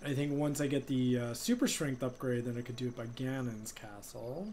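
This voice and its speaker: A man's voice: medium pitch, steady tone, moderate pace, a little mellow, slight background noise. A man streaming a game live, chatting casually and rambling with many fillers. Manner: rambling, heavy use of "like" and "um". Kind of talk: casual live gameplay chat.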